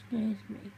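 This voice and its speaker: A woman vlogging to camera, tearful and halting as she speaks openly about her feelings. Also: background noise. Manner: halting, emotional, confessional. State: tearful, crying. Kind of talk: personal vlog talking to camera.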